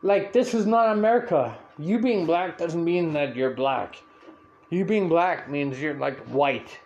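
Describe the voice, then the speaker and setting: A young man hosting a podcast, telling a story in a profane, animated rant. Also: on the high side, measured pace, dull audio. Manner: swears constantly, animated and rant-like. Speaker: podcast host.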